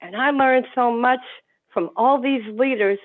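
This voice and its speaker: Woman on a call, emotional tribute, slightly high voice, phone-quality sound. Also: unhurried. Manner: heartfelt, rambling. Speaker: meeting participant. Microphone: video call. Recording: tinny phone-like call audio.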